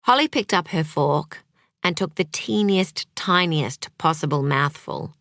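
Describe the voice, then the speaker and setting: A woman reading an audiobook in a measured, unhurried way. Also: sits low, expressive, a bit bright, no echo, studio quality. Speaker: audiobook narrator. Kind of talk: scripted audiobook narration.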